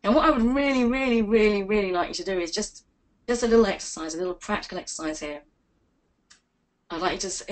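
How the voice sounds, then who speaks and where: A woman teaching a live online class as a confidence coach, energetic and playful, acting out quotes with big jumps in pitch. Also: poor audio.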